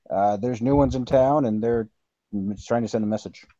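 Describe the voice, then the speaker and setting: A man's voice: mid-range voice, measured pace, warm tone, dry recording. A man speaking in character as a player in a tabletop role-play, laid-back and wisecracking. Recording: dull lo-fi mic.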